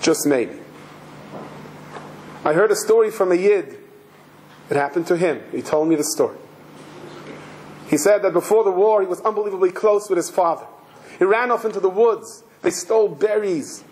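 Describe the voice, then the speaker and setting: A rabbi delivering a sermon, a man whose voice sits high for a man. He tells emotional stories and leans on repeated phrases for weight, with faint noise in the background. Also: moderate pace, long pauses, darkish tone, rough recording.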